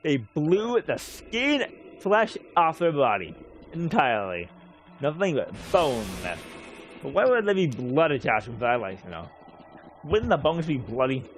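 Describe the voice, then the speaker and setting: A man's voice: a little high, very animated, measured pace, a little hiss or hum. A man giving rambling, casual commentary while streaming a game, swearing offhandedly now and then.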